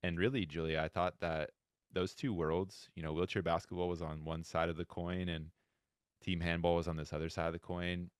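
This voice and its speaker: A man from Florida with a very deep, resonant voice. He tells his coaching story at length, acting out the people he quotes. The recording is close and dry. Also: moderate pace, dry recording. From Florida, USA. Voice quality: very deep, smooth voice. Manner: animated storytelling, acts out quoted dialogue. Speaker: guest, wheelchair handball head coach. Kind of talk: podcast interview storytelling.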